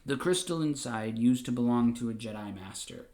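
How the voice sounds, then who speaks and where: A man voicing a scheming, condescending older male Sith lord in a low, measured tone. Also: darkish tone, lightly acted.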